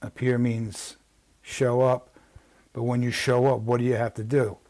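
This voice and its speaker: Here the legal strategy instructor speaks flatly at a measured pace, his medium-pitched voice darkish in tone and free of echo. He reads legal text in his New York accent and talks it through loosely, with frequent restarts and side comments.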